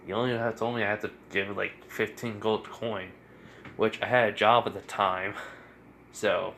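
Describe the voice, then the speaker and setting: A man's voice: lowish voice, little pitch movement, normal speed, gravelly, a bit bright, a little hiss or hum. A man doing a laid-back young swordsman. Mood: easygoing. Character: young male swordsman, amnesiac and easygoing.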